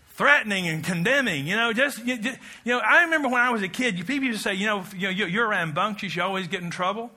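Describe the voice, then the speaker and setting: A man's voice: high voice, moderate pace, long pauses, sharp tone. A middle-aged man preaching a sermon, emphatic and leading the congregation in call-and-response.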